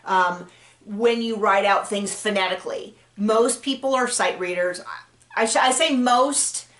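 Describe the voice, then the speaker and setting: In an echoey room, a woman author talks to camera, giving easygoing writing advice full of fillers and restarts. Her voice is medium in pitch and a bit bright, with a measured pace.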